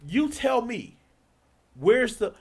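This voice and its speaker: A man's voice: extremely high pitch, sing-song, takes it slowly, a little mellow, slightly rough. A man streaming, delivering a heated, profane political rant, repeating himself and swearing often.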